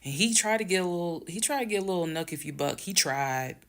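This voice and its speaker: Gravelly-voiced woman telling a story. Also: lowish voice, quick pace. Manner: animated, emphatic, talks straight to viewers. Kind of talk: casual storytime monologue.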